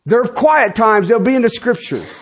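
A pastor in his fifties preaches a sermon in a lively, conversational style, tossing casual asides to the congregation. His voice is very high-pitched with a breathy edge, at normal speed.

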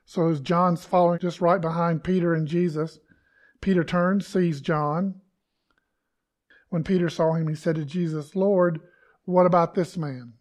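A man's voice: on the high side, flat delivery, a little slow, a little mellow. A man preaching a conversational sermon to his congregation, acting out quoted lines with emphasis. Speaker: pastor.

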